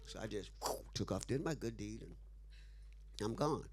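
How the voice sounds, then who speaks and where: A man's voice: lowish voice, lively intonation, moderate pace, very noisy. A man being interviewed who tells a story with animation, acting out the dialogue and laughing often. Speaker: interview guest.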